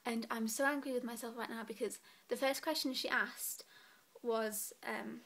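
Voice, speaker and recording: Lying in bed in her bedroom, a young woman in her late teens, a student vlogger, chats to the camera in a giggly, rambling way, slightly breathless. She speaks at normal speed with a fairly high pitch, fairly even intonation, and a fairly bright tone.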